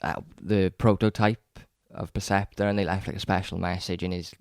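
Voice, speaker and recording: Low-voiced male co-host, excited rambling chat, close and dry. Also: normal speed, gravelly, dry recording. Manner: rambling, enthusiastic, frequent restarts and stammers. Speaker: podcast co-host. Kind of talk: casual chat about films.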